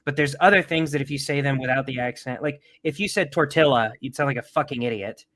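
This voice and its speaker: A man's voice: mid-range voice, quick pace, a bit bright. A man hosting a casual livestream, rambling with profane jokes. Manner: rambling, profane, joking asides. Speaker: podcast host.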